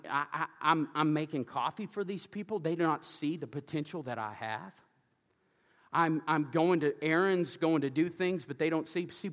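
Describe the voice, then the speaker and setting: High-voiced energetic man preaching. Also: in a large hall. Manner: energetic storytelling preaching, loud and animated. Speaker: pastor. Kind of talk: sermon. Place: church sanctuary.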